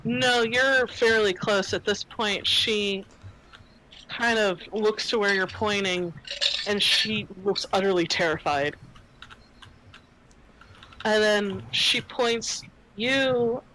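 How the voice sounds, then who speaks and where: A woman running a tabletop game as game master, narrating scenes in an unhurried, descriptive way with fillers. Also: medium pitch, bright, forceful tone, rough recording.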